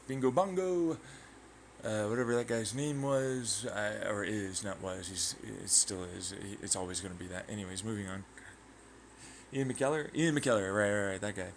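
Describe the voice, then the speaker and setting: A man hosting his own channel, talking through a rambling, excitable science monologue full of tangents, sound effects and swearing. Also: on the low side, moderate pace, a little hiss or hum. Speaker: channel host.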